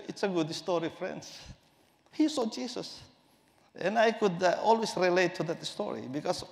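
High-voiced pastor preaching in a reverberant hall. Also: male voice, gravelly, darkish tone. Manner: emphatic, repeats key phrases. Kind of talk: sermon.

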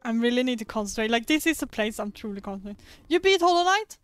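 A woman's voice: fairly high pitch, expressive, fast, clear, resonant tone, no echo, faint music behind. A woman streamer giving casual, chatty gameplay commentary, giggling and poking fun at herself. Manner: chatty, giggly, self-mocking.

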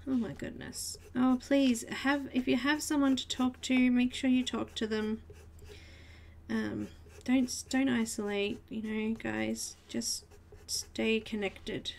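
Unhurried and level in tone, this Australian woman's gravelly voice sits on the high side, with slight background noise in the recording. She's hosting a live coloring stream, talking casually with viewers in the chat and murmuring to herself as she works.

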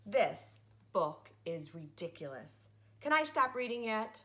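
A woman reads a picture book aloud to young children, unhurried and deliberate. Her pitch swoops widely as she plays up the silliness. She sounds like a teacher performing for her class. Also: big pitch swings, fairly bright tone. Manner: playful, theatrical, switches into silly voices. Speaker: preschool teacher.

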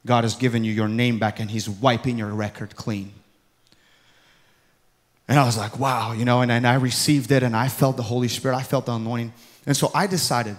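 A man preaching a testimony sermon, telling his story in an animated way and acting out the dialogue, swinging from hushed to loud. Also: mid-range voice, fairly quick. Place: large church hall. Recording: long hall reverb.

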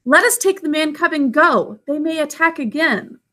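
A woman's voice: high voice, animated, normal speed, fairly bright tone, voice pushed up. A woman voicing a proud black panther with a clipped, dry way of speaking in a storybook reading. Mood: urgent.

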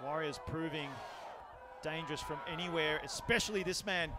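An Australian man calls a live rugby match in a high, energetic voice. He swings up to shouts whenever the play heats up. Steady background noise runs through the broadcast. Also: normal speed, a loud crowd. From Sydney, Australia. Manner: energetic, rises to shouts on big plays. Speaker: play-by-play commentator.

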